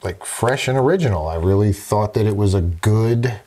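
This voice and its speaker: A man's voice: on the low side, expressive, normal speed, warm tone. A man co-hosting a horror podcast in casual chat, rambling with many fillers and crude jokes. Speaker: podcast co-host.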